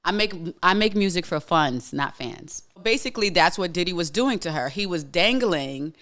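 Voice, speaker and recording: Blunt, emphatic man with a smooth voice. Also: sits high, lively intonation, normal speed, pushed and bright. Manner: frequent restarts and filler words. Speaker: podcast host. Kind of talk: casual monologue podcast.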